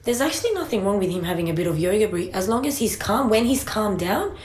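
A woman's voice: mid-range voice, animated, quick pace. A woman co-hosting a casual parenting chat, telling a family story and acting out quotes along the way. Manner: storytelling, acts out her child and sister in quotes. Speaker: podcast co-host. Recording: echoey room, faint background noise.

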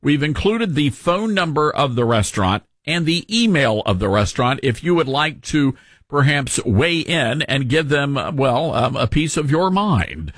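A man's voice: medium pitch, big pitch swings, normal speed, fairly bright tone, no room sound. A man hosting a talk radio show, giving mocking, sarcastic commentary into a studio microphone.

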